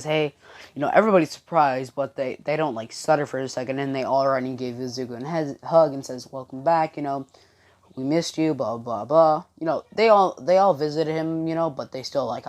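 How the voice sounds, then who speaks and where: Brief: low-pitched woman, casual improvised storyteller, rambling, filler-heavy. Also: fairly quick, hardly any pauses, a little mellow. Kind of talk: improvised fan-fiction storytelling.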